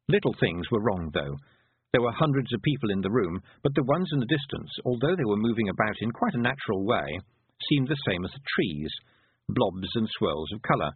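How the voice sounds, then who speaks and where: A man narrating a fantasy storybook with an expressive, varied delivery. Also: lowish voice, a little fast, breathy edge, no echo. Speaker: audiobook narrator. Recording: tinny phone-like dry recording.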